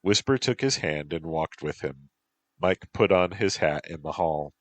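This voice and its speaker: A man reading a story aloud as narrator in a slow, deadpan way. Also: a bass voice.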